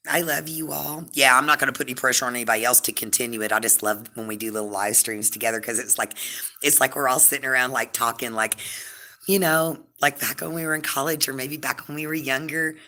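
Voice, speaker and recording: A woman hosting a casual live stream, rambling and chatty, full of fillers and warm toward her viewers. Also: rumbling low.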